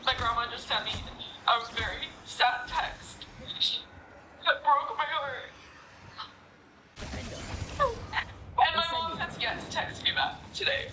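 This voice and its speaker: A woman's voice: high-pitched, unhurried, echoey room, music in the background, poor audio. A woman in a personal online video, emotional and defiant, insisting she is not sorry. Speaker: woman in a social media video.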